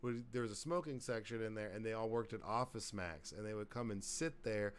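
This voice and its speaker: A man's voice: fairly low pitch, brisk, clean tone. A man hosting a podcast in casual chat, rambling, joking and swearing freely. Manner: profane, rambling, jokey. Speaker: podcast host.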